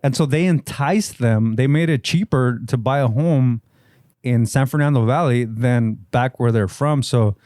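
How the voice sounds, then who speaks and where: A man's voice: medium pitch, measured pace, mellow, no room sound, studio quality. A man telling a story on a podcast, loose and profane, full of slang. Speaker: podcast co-host. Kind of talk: casual podcast chat.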